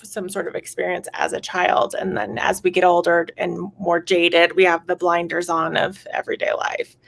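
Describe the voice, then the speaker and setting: Woman with a gravelly, creaky voice. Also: lowish voice, level tone, normal speed, a bit bright. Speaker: podcast co-host. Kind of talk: casual interview chat.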